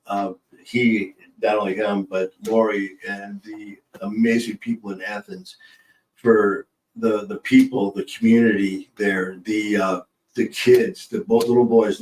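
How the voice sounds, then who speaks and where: A man co-hosting a casual livestream, rambling warmly between corny jokes and shout-outs to viewers. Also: lowish voice, roomy sound, distant mic, rough recording. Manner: rambling, joke-telling, laughs easily. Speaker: livestream co-host.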